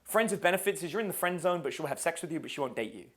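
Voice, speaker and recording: A man's voice: a little high, animated, very fast, a bit bright. A man teaching a live dating seminar in a casual, swearing style, quizzing his audience. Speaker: dating coach.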